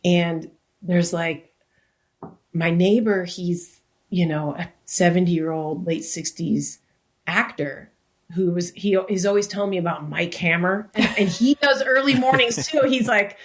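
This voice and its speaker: Woman, lowish voice, podcast guest, rambling storyteller, restarts, casual swearing. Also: unhurried. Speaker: guest, actor and comedian.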